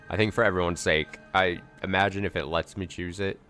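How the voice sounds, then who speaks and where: A man's voice: low-pitched, steady tone, moderate pace, long pauses, fairly bright tone, soft background music. A man streaming a video game, reading its story text aloud dramatically and adding wry asides.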